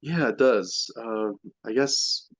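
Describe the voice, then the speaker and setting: A man's voice: medium pitch, slow, a bit bright, dry recording, poor audio. A man asking a question in a spiritual Q&A, tentative and searching for his words. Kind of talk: casual Q&A.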